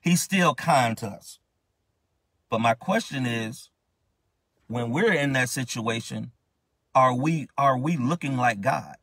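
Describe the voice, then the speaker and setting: A man's voice: medium pitch, slow, long pauses, fairly bright tone, no echo. A man ministering, preaching a sermon in a fervent, questioning way with many restarts.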